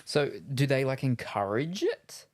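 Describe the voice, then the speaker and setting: A man's voice: mid-range voice, very animated, a little slow, darkish tone. A man hosting a casual podcast, speaking hesitantly with many ums and uhs. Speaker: podcast host. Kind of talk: casual chat.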